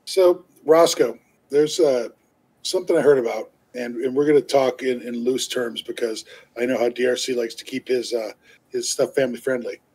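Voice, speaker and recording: A man's mid-range voice, a little mellow and slightly rough, comes through a low-quality recording at a moderate pace. He's on a live stream, casually telling his co-host a long, rambling tale loaded with fillers and restarts, quick to laugh while he talks.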